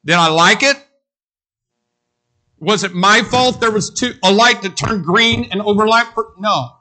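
A man preaching a sermon, telling a story in an animated way and speaking straight to his congregation. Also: high voice, measured pace. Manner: animated, addresses the congregation directly.

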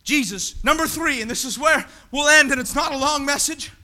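A man preaching a sermon in a church, swinging between shouted appeals and quiet asides. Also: extremely high pitch, normal speed. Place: church sanctuary.

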